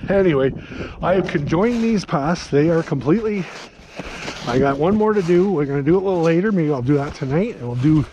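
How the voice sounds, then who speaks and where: A man's voice: a little high, lively intonation, a little fast, warm tone, dull audio, a little hiss or hum. A middle-aged man vlogging while walking outdoors through his garden, chatty and rambling with many fillers, a little out of breath. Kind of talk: casual walking vlog.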